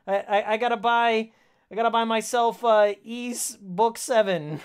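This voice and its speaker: A man's voice: high-pitched, fairly even intonation, measured pace, clear, resonant tone. A man streaming a video game, chatting casually with his viewers in a heated, sarcastic rant with frequent laughs. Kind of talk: casual live-stream chat while playing.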